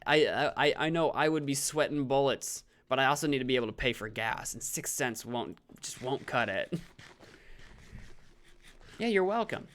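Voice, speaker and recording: A man's voice: mid-range voice, moderate pace, a bit bright, slight background noise. A man casually commenting on his own gameplay during a live stream, chatting with viewers and poking fun at himself. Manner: chatty, self-deprecating, reads chat aloud.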